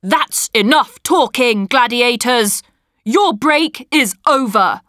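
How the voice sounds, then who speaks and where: A woman voicing a gruff, bossy bearded male guard in a storybook, barking orders. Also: a little high, expressive, slow pace, a bit bright, dry recording, studio quality. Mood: dismissive.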